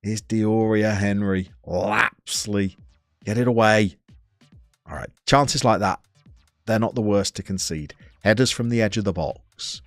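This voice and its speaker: A man's voice: lowish voice, a little slow, no room sound, faint music behind. Chatty man streaming a game. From England. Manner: chatty and playful, with sudden excited outbursts. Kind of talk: live stream commentary, chatting with viewers.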